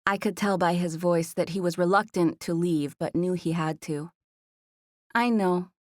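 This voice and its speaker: A woman narrating a romance audiobook in the first person, with smooth, even storytelling into a close studio mic. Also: fairly low pitch, moderate pace, no echo.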